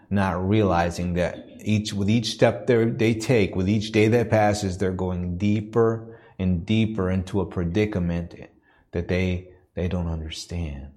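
A man preaching as a missionary in a church, telling a personal story in an earnest, halting way that builds to a preaching cadence. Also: low-pitched, steady tone, mellow.

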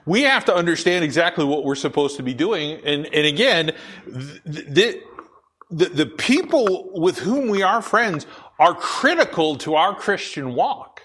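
A middle-aged man with a deep, full radio-style voice, preaching a conversational sermon as pastor with many fillers and restarts. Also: big pitch swings, a little slow, pushed and bright, husky.

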